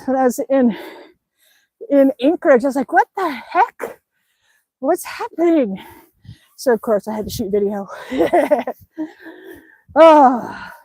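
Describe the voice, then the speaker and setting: A chatty woman with a high, bright voice streams live from outside in the snow, reading viewers' comments aloud and laughing often. She sounds a little winded from exercise, and the sound is close and dry. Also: no room sound, low-quality recording. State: slightly out of breath from exercising outdoors. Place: outdoors in the snow.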